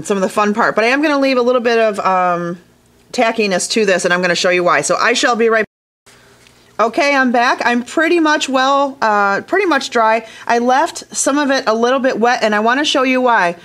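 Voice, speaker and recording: A woman's voice: on the high side, a little fast, a bit bright. Chatty woman teaching a craft. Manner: chatty, enthusiastic, addresses viewers directly. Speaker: glass fusing instructor. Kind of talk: casual hands-on tutorial. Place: glass art studio workshop.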